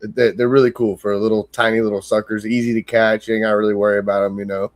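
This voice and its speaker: A man's voice: on the low side, flat delivery, fast talker, no echo. Drawling man on a dry mic. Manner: drawling, interjects "come on". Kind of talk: casual chat.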